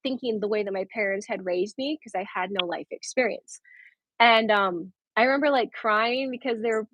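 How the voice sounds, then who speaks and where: A woman in her thirties, a guest telling her story in casual conversation, animated and laughing often. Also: medium pitch, normal speed, lo-fi sound, a little hiss or hum.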